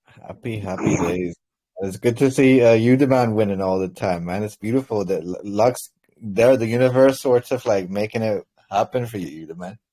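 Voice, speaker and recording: A man's voice: lowish voice, normal speed, dark tone. A man co-hosting a podcast in casual chat, easygoing and rambling, repeating himself.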